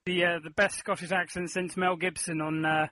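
A man's voice: high voice, flat delivery, moderate pace, bright, forceful tone, no echo, rough recording. A man hosting an improv comedy game, upbeat and giving prompts game-show style. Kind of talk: casual comedy podcast chat.

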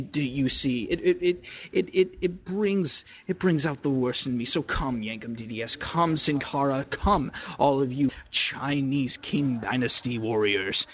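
A manic, stammering rambler, hammed up by a man on a call, lurches between hushed whispers and sudden cries. His voice sits a little high. It comes over a phone or headset. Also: natural voice.

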